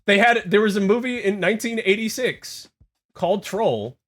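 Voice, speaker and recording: A man livestreaming in casual chat, rambling and excitable, talking straight to his viewers and reading bits aloud. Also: high voice, normal speed. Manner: rambling and excitable, heavy on "like" and "dude"; talks to chat, reads text aloud. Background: faint music.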